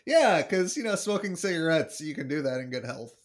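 A man talking casually on a podcast with a slightly raised pitch. He narrates the plot step by step and drops dry, joking asides along the way. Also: sing-song, a little fast. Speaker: podcast co-host. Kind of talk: casual chat.

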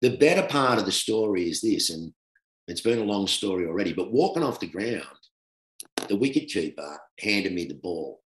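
A middle-aged Australian man, a former cricketer, telling a long anecdote in a casual, animated way, often laughing. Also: low voice, moderate pace. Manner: animated, laughing storyteller who acts out quoted voices. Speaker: former cricketer, guest storyteller. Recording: roomy echo.

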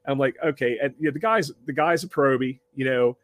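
A man hosting a podcast, telling a story casually with many restarts and animated impressions of the people in it. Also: mid-range voice, fairly quick, no echo. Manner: animated, acts out other people in raised voices; conversational with frequent restarts. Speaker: podcast host.

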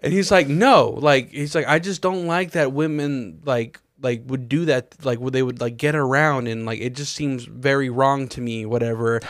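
A man's voice: medium pitch, fairly even intonation, normal speed, hardly any pauses. A young man co-hosting a podcast, telling a rambling story full of fillers and acting out what people said. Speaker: podcast co-host. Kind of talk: casual chat.

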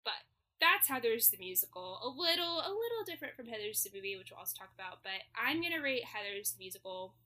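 Chatty woman podcaster, bright voice, a bit high, laughs a lot. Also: big pitch swings, quick pace. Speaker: podcast co-host. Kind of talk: casual chat summarizing a musical.

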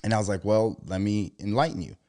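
A man talking in a loose, profane monologue, telling animated stories and putting on mocking voices as he quotes people. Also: on the low side, fast. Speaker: podcast co-host. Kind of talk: casual monologue.

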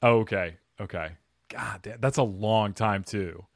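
A man's voice: fairly low pitch, a little slow, gravelly, dry recording, clean studio sound. A man hosting a casual podcast interview, joking loosely and swearing freely as he asks questions. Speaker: podcast host. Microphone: remote video call.

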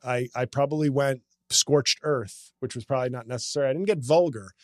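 A man's voice: medium pitch, fairly quick, a little mellow, no echo, studio quality. A man hosting a casual comedy podcast, talking in a sarcastic, ranting, self-mocking way.

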